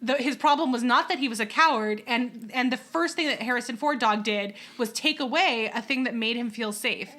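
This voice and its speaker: Animated, bright-voiced woman podcast host. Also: a little high, a little fast, hardly any pauses. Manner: animated, exasperated ranting with laughter; holding a teething baby while talking. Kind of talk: casual podcast chat.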